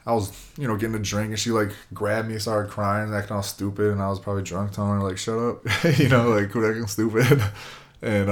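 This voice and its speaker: A man, around his twenties, telling a long casual story, rambling with lots of fillers. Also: lowish voice. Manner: rambling, lots of "like" and "you know".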